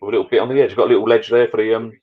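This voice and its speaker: A man's voice: fairly low pitch, flat delivery, racing, narrow, tinny audio. A middle-aged man, chatting casually and rambling in a matey way as host of a livestream from his garden bar shed. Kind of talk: casual livestream chat with viewers.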